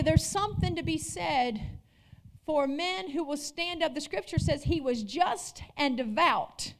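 A woman pastor preaching a sermon, calling out to the congregation and swinging between loud declarations and quiet storytelling. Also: sits high. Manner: preaching with call-outs, rising and dropping intensity.

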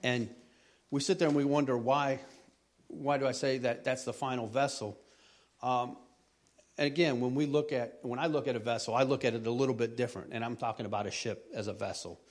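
A man's voice: medium pitch, fairly even intonation, brisk. A middle-aged man giving a conversational sermon in a folksy, rambling way, often repeating words as he talks. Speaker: lay preacher.

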